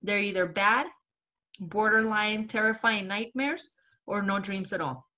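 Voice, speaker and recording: A woman's voice: mid-range voice, unhurried, pushed and bright. A young woman co-hosting a podcast, rambling through stories in a casual chat, swearing and laughing often. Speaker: podcast co-host.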